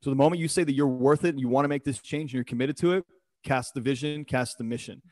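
A man on a podcast, talking in an emphatic, motivational way with blunt and sometimes coarse words. His voice sits at a middle pitch, and the recording is dry and close, with no room sound around him. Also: fast, darkish tone, no echo. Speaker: podcast guest, performance coach. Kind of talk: casual podcast conversation.

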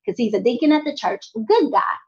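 A young adult woman telling a personal faith testimony in an animated way, talking straight to her audience. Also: a little high, quick pace, lo-fi sound. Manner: animated, addresses audience directly. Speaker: speaker sharing a testimony.

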